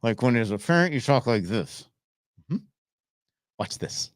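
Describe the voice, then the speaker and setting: Sarcastic man riffing on politics, lively pitch. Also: a little slow. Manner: sarcastic, animated, mocking impressions. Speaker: host of a live political commentary show. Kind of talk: casual live-stream political commentary. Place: small home studio. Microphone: studio microphone.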